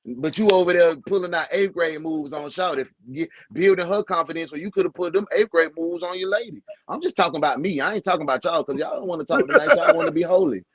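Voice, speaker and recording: Man, podcast co-host, slightly high voice, blunt and crude, loud bursts then mumbling, dry close mic. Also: expressive, quick pace, hardly any pauses, dry recording, low-quality recording. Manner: blunt, profane, swings from loud outbursts to mumbling. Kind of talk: candid casual podcast chat.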